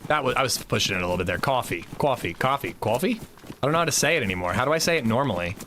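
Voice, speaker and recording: A man's voice: medium pitch, lively intonation, racing, pushed and bright, a little hiss or hum. A man streaming a game, chatting casually and rambling in a self-mocking way. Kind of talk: casual chat while gaming.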